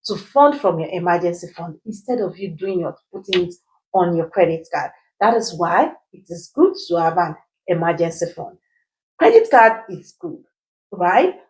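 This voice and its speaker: Woman finance teacher, lower register, quizzes her audience and answers herself. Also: lively intonation, normal speed, darkish tone, poor audio. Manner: teacherly, poses rhetorical questions and answers them; keeps checking in with "right?". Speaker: personal finance educator. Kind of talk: explainer video.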